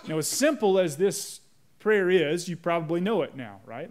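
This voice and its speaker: A man preaching a sermon as pastor, slowing down to lead a prayer. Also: high-pitched, expressive, a little mellow. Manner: measured, slows down on prayer phrases; leads the congregation in repeating a prayer.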